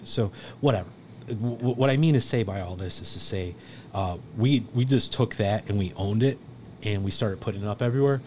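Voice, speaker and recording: Guest on a podcast: low-pitched man, casual and profane, rambling anecdotes, faint noise behind. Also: brisk, darkish tone. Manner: rambling, profane storytelling with quoted voices. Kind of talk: casual chat.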